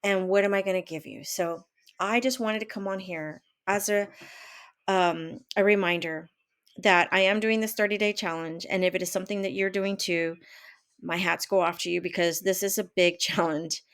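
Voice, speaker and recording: A woman's voice: fairly low pitch, steady tone, normal speed, a bit bright. Rambling woman in her fifties. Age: 50s. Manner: rambling, many fillers and restarts. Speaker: vlogger and life coach. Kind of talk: casual talk to camera. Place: home office.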